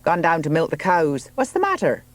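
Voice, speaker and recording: A man reading the part of a brisk woman who fires off puzzled questions. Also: on the high side, wildly swooping pitch, dry recording, voice pushed up.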